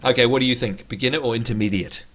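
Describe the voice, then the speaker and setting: A man's voice: medium pitch, racing, fairly bright tone. An Australian man hosting a gaming livestream, chatting playfully and teasing his viewers. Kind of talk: casual livestream chat.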